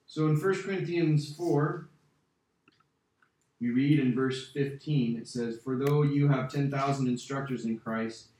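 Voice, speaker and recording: Emphatic male preacher in echoey hall. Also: mid-range voice. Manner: emphatic, conversational, repeats key phrases. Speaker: pastor teaching a Bible study. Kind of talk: Bible study teaching. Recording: very echoey, distant church mic.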